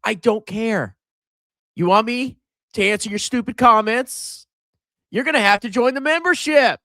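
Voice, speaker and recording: A man's voice: very high voice, moderate pace, sharp tone, no echo, clean studio sound. A middle-aged man hosting a finance livestream, chatting casually and sarcastically, mocking viewers and putting on silly voices. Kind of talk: casual livestream chat reading superchats.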